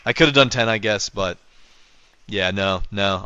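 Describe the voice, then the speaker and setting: A young man streams a game and chats with his viewers, rambling and correcting himself as he goes. His voice is smooth and clear, dry and close, though the mic sounds dull and lo-fi. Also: lowish voice, measured pace, bright, forceful tone, no echo. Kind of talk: casual livestream commentary.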